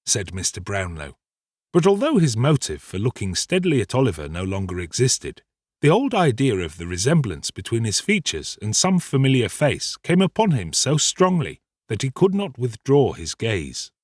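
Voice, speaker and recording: A male audiobook narrator tells the story in a theatrical, expressive way. His voice is husky and very lively in pitch. It is recorded close and dry. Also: no echo.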